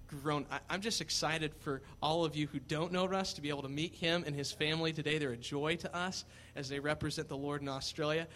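A man's voice: fairly high pitch, steady tone, fairly quick, few pauses, fairly bright tone, a little hiss or hum. A man, a pastor, introducing a guest preacher to his congregation with enthusiasm. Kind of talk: church announcement. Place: church service before a congregation.

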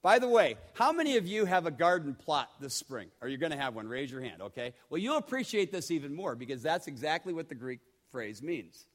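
High-voiced preacher, conversational. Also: male voice, sing-song, a little fast, hardly any pauses. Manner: conversational, repeats words, asks the congregation questions. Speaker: pastor. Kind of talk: sermon.

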